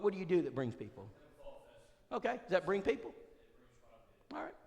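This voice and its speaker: A folksy male preacher leads an evangelism seminar, quizzing his listeners. His voice is slightly high and swoops with lively energy. A long reverb from the church hall trails each phrase. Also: creaky. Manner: animated, folksy, quizzes the audience, many restarts. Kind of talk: conversational seminar talk with storytelling.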